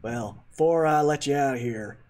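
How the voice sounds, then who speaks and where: A man voicing a stout red-bearded male dwarf sergeant with a put-on Texan drawl, folksy and slow. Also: medium pitch, a crowd in the background, close to an everyday voice.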